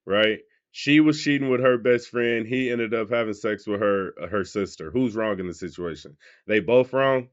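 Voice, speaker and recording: A man with a very low voice talks loosely and casually, throwing questions at his viewers as he reacts to clips. The sound is a bit dull and muffled. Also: normal speed, few pauses. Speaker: reaction video host. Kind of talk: casual commentary.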